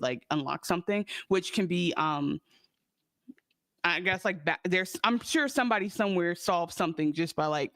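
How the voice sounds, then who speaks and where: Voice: medium pitch, fairly bright tone, no echo, clean studio sound. A co-host on a casual podcast, analyzing a TV episode in a loose, rambling way with fillers and swearing. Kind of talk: casual TV recap chat.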